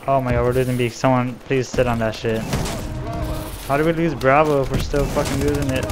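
A young man giving gameplay commentary, swearing and raging with outbursts that jump loud and high. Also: flat delivery, a little fast, a little hiss or hum. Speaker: gaming channel host.

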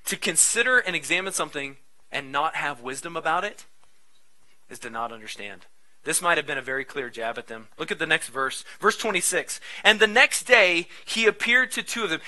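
A man in his thirties, a pastor preaching a sermon in a conversational, animated way with frequent asides. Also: on the high side, a little fast, rough recording.

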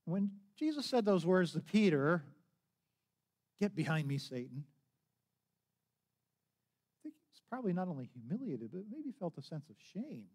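Lively, conversational male preacher. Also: high voice, fairly quick, few pauses, husky. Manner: conversational storytelling with restarts and acted quotes. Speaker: pastor. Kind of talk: sermon.

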